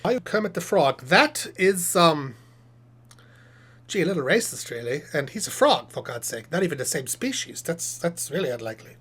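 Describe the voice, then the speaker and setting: A man voicing a chatty, self-satisfied male puppet professor who hosts a live stream, reading chat questions aloud and rambling through them with deadpan jokes. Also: fairly high pitch, normal speed, breathy edge, heavily acted.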